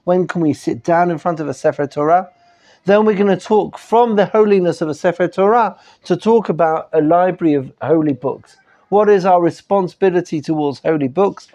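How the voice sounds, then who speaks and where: A man's voice: high-pitched, a little fast, warm tone. A man with a British accent teaching a live class as a rabbi, polite and orderly, laying out the lesson plan. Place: study hall.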